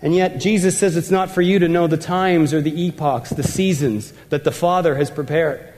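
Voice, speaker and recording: A man's voice: on the high side, fairly even intonation, normal speed, a little mellow, big-room sound. A man preaching a sermon, emphatic and repetitive, driving home his points. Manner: emphatic, repeats words for effect. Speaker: pastor.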